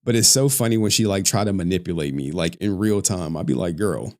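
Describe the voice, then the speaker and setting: Animated joking male livestream host. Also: deep voice, a little fast. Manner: joking, profane, laughs often. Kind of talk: casual livestream chat.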